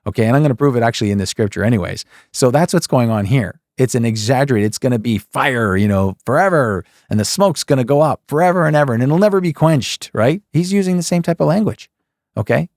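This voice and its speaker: A man's voice: medium pitch, a little mellow, no echo, clean studio sound. A man teaching scripture in a casual, joking way, asking his listeners rhetorical questions and often saying "okay" and "folks.". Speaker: Bible teacher.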